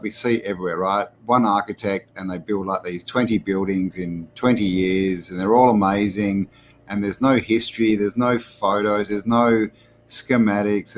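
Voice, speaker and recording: A man's voice: lowish voice, slight background noise. An Australian man hosting a casual live stream. He rambles, chuckles and greets viewers by name. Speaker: host.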